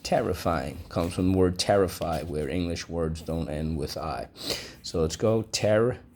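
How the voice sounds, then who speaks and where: A man teaching a vocabulary and phonics lesson, drawing out each word slowly and deliberately. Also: deep voice, darkish tone, slight background noise. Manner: slow, deliberate, with drawn-out modeled words.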